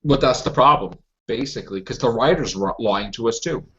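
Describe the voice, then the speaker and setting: A man's voice: medium pitch, fairly quick, a bit bright. Ranting man on a lo-fi podcast. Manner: indignant, ranting, repeats himself. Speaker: podcast host. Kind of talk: heated fan podcast discussion. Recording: lo-fi podcast audio.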